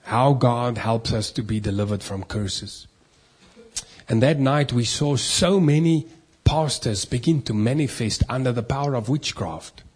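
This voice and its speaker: A man preaching a sermon in a husky, breathy voice. He drives his points home with emphatic repetition and a steady preaching rhythm. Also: mid-range voice, measured pace. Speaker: pastor.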